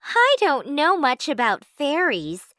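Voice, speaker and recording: A woman's voice: high-pitched, huge pitch swings, slow pace, fairly bright tone, no room sound, clean studio sound, pitched above the performer's own voice, exaggerated voice. A woman voicing a young, put-upon heroine who is sweet but wry. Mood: earnest.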